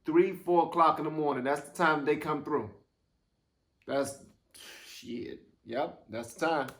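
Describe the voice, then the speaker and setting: A young man hosts a reaction video in a casual, chatty way with a somewhat high voice. He is excitable and profane, and he breaks into acting out little scenes as he comments. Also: measured pace. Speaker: reaction channel host.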